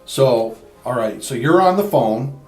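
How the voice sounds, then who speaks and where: A man's voice: medium pitch, lively intonation, unhurried, a little mellow, soft background music. Blunt male detective in an echoey room. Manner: blunt, probing questions. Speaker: police detective. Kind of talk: interrogation interview. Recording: echoey interview room tape.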